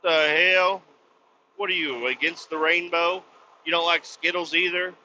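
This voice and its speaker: A man hosting a podcast, ranting bluntly with lots of swearing and sudden loud outbursts. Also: on the high side, fairly even intonation, moderate pace, slight background noise. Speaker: podcast host. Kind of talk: profane comic rant. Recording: slightly dull lo-fi recording.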